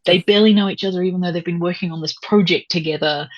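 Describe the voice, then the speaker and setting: A woman with a New Zealand accent, a podcast guest picking a film apart with animated, sardonic commentary. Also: fairly low pitch, very fast, no echo, dull audio. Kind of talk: casual film-review chat.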